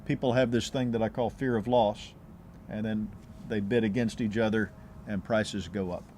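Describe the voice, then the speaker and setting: A man's voice: fairly low pitch, steady tone, moderate pace, a little mellow, a little hiss or hum. A man, a real estate agent answering interview questions in an easygoing way, often restarting his phrases.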